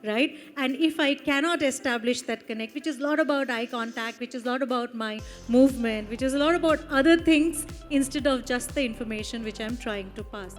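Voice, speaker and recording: A woman's voice: a little high, fairly quick, few pauses. A woman with an Indian English accent giving a conference talk, conversational, with many fillers and tag questions. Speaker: panel speaker. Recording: hall with long reverb and faint music.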